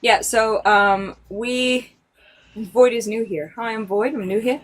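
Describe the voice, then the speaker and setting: A woman's voice: fairly high pitch, takes it slowly. A woman co-hosting a casual live stream, telling stories with sarcasm. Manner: sarcastic, animated storyteller. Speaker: co-host.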